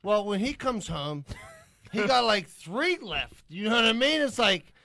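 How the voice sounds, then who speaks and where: A man's voice: high voice, unhurried, creaky. A man co-hosting a podcast, telling stories in casual banter and swearing freely. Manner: swearing, animated storytelling. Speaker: podcast co-host.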